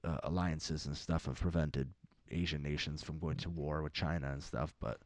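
With a rumbling low voice, fairly even intonation, and a moderate pace, this young co-host meanders profanely through politics on his podcast, now and then breaking into loud mocking impressions. There's no echo.

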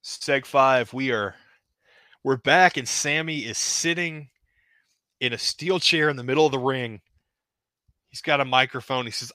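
A man's voice: mid-range voice, measured pace, pauses often, dry recording, clean studio sound. Man calling toy wrestling play-by-play. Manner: casual, hedging with "kinda", excited at pinfalls. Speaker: host narrating a toy wrestling show. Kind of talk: play-by-play narration.

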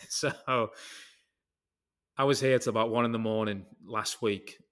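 A man's voice: mid-range voice, fairly even intonation, slow, fairly bright tone. A man with a British accent, hosting a casual podcast chat and telling a long, rambling story full of tangents and casual swearing. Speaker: podcast host.

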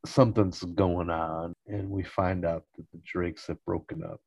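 A man with a low, dark voice recaps an episode at an unhurried pace. He keeps it relaxed and often slips into acted-out quotes. The close, dry recording sounds dull and lo-fi. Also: no echo. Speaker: podcast host recapping a sitcom episode.

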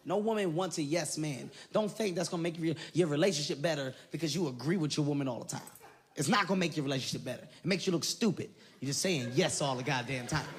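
A man performing a stand-up comedy routine, loud and animated, swearing often and shouting his punchlines. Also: a little high, fast. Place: large venue with a live audience. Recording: live show with crowd laughter and noise.

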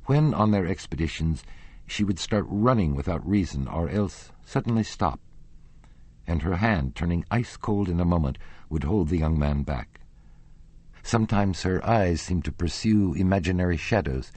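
A man with a very deep, husky voice narrates a classic novel. His storytelling is measured and expressive, and his pitch moves widely. The recording is dry and close to the mic. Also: dry recording. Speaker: audiobook narrator.

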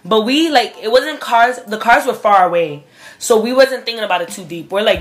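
A young woman telling a story in casual chat, animated and acting out the voices of the people in it. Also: medium pitch, brisk, faint music behind. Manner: animated, acts out voices while telling stories.

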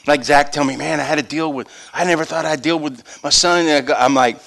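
An older male pastor preaches a sermon through animated storytelling, his volume swinging between loud and hushed. His voice is fairly high-pitched and creaky, and he talks at a quick pace.

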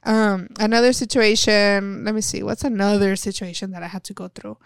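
A woman's voice: mid-range voice, fairly even intonation, brisk, vocal fry, clear, resonant tone, no echo. A young woman from West Texas, a professional wrestler, candidly telling stories and acting out the dialogue, swearing freely. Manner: blunt, swears freely, acts out quoted dialogue. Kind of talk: candid storytelling chat.

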